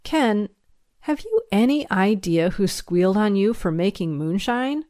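A woman reading the part of a gruff but fatherly male country sheriff, with a folksy, drawling way of talking. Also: mid-range voice, expressive, measured pace, darkish tone, no echo, studio quality, close to an everyday voice. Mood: wry, pressing.

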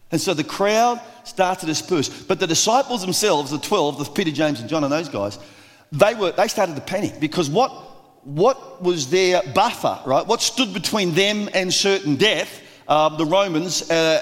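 Brief: male preacher, animated storyteller, high voice, long hall reverb. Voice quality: lively, acts out voices of the crowd. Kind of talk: sermon.

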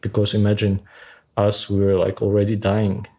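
Low flat-voiced man. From Nagorno-Karabakh. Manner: halting, with frequent fillers. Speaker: interviewee recounting his war experience. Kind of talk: conversational interview recollection.

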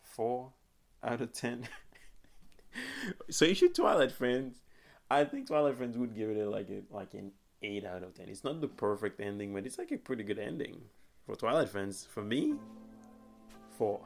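Young male podcast host with a gravelly voice, mid-pitched, loose and rambling delivery. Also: sing-song, normal speed, long pauses, faint music behind. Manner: rambling, laughs often, restarts. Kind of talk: casual chat.

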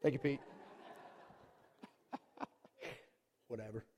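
A man preaching a sermon as pastor, animated, swinging between booming lines and hushed ones. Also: slow, long reverb tail, dull audio, slight background noise.

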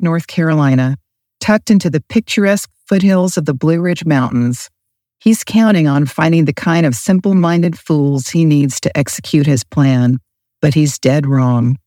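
A woman author who chats loosely about her book, then reads her novel aloud in a steady storytelling voice. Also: deep voice, no echo, clean studio sound. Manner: relaxed, with fillers and restarts, then steady storytelling. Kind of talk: interview chat, then reading her own novel aloud.

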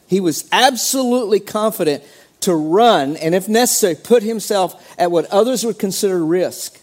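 A male pastor delivers an animated sermon in a fairly high voice. He acts out the people in his story, jumping up in pitch to play them, then drops back to his normal speaking voice. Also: moderate pace. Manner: animated preaching, acts out quoted voices with sudden pitch jumps.

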